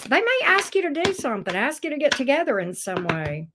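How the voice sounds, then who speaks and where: A woman's voice: sits high, big pitch swings, a little fast, heavy background noise. A middle-aged woman giving a casual tarot reading, teasing and talking straight to the viewer in a sassy way. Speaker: tarot reader.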